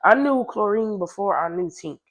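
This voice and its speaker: A young woman telling a personal story in a casual, slangy, chatty way, often jumping into a higher voice to quote others. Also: lively intonation, moderate pace.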